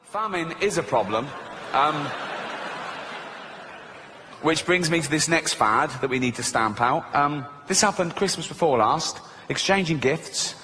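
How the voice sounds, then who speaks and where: A man's voice: a little high, lively intonation, measured pace, background noise. A man telling stand-up stories in a dry way, with frequent "um"s. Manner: dry storytelling with many "um"s. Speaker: stand-up comedian. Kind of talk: stand-up comedy. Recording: echoey hall.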